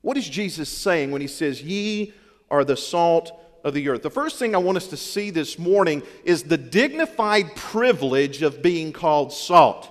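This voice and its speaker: A man's voice: on the high side, expressive, moderate pace. A man with a Southern US accent preaching a folksy, humorous sermon, with emphatic repetition to his congregation. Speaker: pastor. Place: church sanctuary. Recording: long hall reverb.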